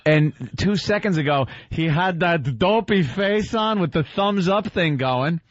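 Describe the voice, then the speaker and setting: Brief wry male co-host, mid-pitch, dry and dull broadcast audio. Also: lively intonation, measured pace, no echo. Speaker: radio co-host. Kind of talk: casual radio banter. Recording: dry, muffled radio broadcast.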